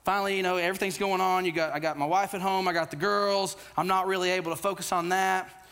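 A man in his thirties preaching an earnest, conversational sermon, often repeating words and dropping low and quiet for key lines. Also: steady tone, fast. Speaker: pastor.

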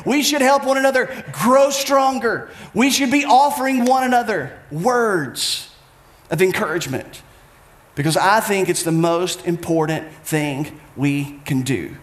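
A man preaching a sermon with passion, swinging between loud urging and quiet intensity. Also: very high voice, echoey room. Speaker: pastor.

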